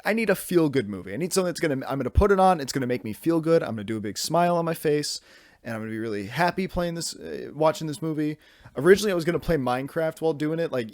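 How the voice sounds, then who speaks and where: A young man hosting a casual solo podcast, rambling and animated, cutting himself off and swearing casually. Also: mid-range voice, no room sound, studio quality. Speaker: podcast host. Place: home room at his desk.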